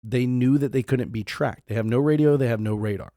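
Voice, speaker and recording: Profane, animated male podcast host. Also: mid-range voice, fairly quick, no room sound, clean studio sound. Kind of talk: casual history chat.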